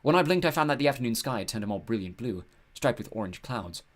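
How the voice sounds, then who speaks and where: A man's voice: medium pitch, animated, fast. Man narrating an audiobook. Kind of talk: scripted narration.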